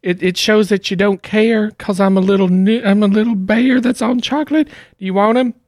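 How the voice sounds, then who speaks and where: A man voicing a tiny, gentle male teddy bear toy that is offering a gift. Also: high voice, steady tone, normal speed, no echo, clean studio sound, voice pushed up. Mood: coaxing. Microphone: studio microphone.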